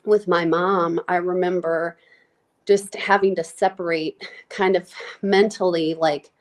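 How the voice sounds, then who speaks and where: A woman guest recounting her life in a podcast interview, her voice on the lower side. She speaks haltingly and with feeling, full of fillers and restarts, sounding close to tears. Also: fairly even intonation. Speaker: nurse practitioner guest. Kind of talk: candid personal interview.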